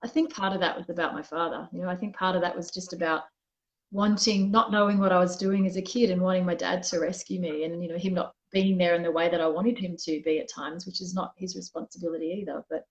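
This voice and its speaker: A woman's voice: on the low side, fairly even intonation, fast, muffled recording. Candid woman telling a personal story. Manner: reflective, candid storytelling with frequent restarts. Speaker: guest. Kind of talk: conversational interview.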